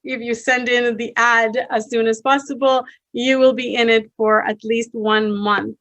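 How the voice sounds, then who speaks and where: A woman speaking coach giving a fast, energetic, persuasive motivational talk with stories to an online audience. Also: on the high side, no room sound.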